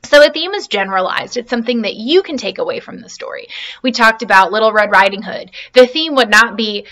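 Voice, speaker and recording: A woman's voice: a little high, expressive, brisk, fairly bright tone. A woman teacher giving an online reading lesson over her laptop in a chatty, encouraging way, often checking in with questions.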